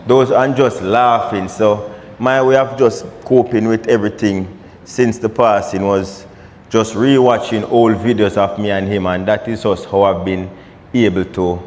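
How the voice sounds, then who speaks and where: A man's voice: lowish voice, long reverb tail. A man giving an earnest, emphatic spoken tribute at a memorial gathering. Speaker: funeral tribute speaker.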